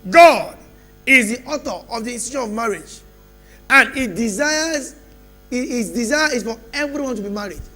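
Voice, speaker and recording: Pastor, male, high bright voice, fiery call-and-response sermon, faint mains hum. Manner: call-and-response preaching, shouting declarations. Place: church service.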